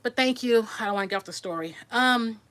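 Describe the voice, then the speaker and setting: In a slightly high, somewhat bright voice, a woman in her sixties talks quickly to her viewers. She's resting after surgery as a vlogger, rambling chattily through a personal story, restarting words and answering comments.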